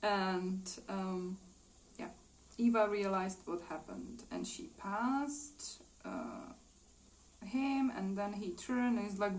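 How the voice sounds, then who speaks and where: A woman's voice: medium pitch, slow. A woman retelling her own old comic in a casual, hesitant way, full of fillers and small laughs. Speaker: artist showing her drawings.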